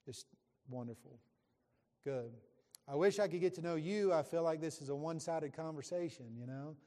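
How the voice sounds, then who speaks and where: Folksy preacher in a hall. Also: male voice, a little high, moderate pace, warm tone. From West Virginia, USA. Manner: folksy, joking, addresses the congregation. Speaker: visiting preacher. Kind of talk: sermon introduction from the pulpit. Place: church sanctuary. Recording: long church hall reverb.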